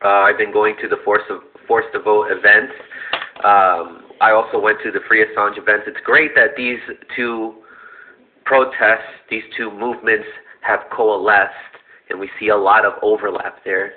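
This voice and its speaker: A man's voice: on the low side, little pitch movement, normal speed. A man hosting his own show, talking about events in a plain, conversational way. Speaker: show host. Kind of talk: casual show commentary played as a clip. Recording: tinny phone-like audio.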